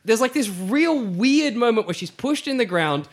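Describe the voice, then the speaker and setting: A man in casual podcast chat reviewing a film, animated and mocking, often acting out quotes in silly voices. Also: very high voice, moderate pace. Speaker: podcast co-host.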